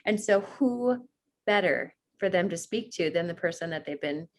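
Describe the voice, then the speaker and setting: A woman's voice: fairly low pitch, animated, normal speed. Earnest woman midwife explaining. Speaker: guest, certified nurse midwife. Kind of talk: conversational interview.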